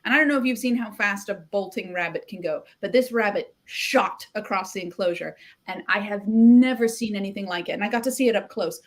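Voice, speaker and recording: A woman author, a radio show guest, telling an animated story and laughing as she goes. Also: mid-range voice, brisk, few pauses.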